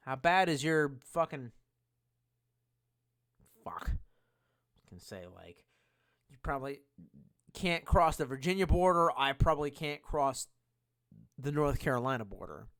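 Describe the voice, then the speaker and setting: Drunk guy on a stream reading chat, swears a ton, kinda high voice, bounces all over. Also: lively intonation, measured pace, long pauses, clean tone. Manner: profane, rambling, loud outbursts. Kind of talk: casual live-stream chat.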